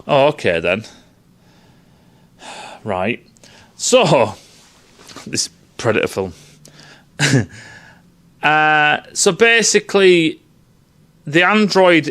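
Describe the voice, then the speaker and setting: A man's voice: fairly high pitch, a bit bright. A man giving a profane, sarcastic film review rant, swearing freely and sounding exasperated.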